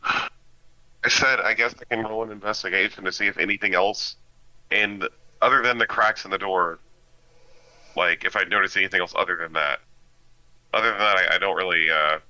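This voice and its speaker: A man playing in a tabletop game, halting and unsure what to do. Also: deep voice, fairly even intonation, pushed and bright, dry recording, lo-fi sound. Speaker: player. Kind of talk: casual tabletop game play.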